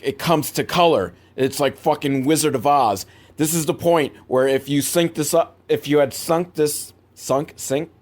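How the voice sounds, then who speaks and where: A young man recapping a film for laughs, in a mid-range voice that suddenly leaps up when he gets worked up. He rambles, doubles back and drops sarcastic asides. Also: a little mellow. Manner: rambling, sarcastic, big swings in pitch. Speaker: movie reviewer.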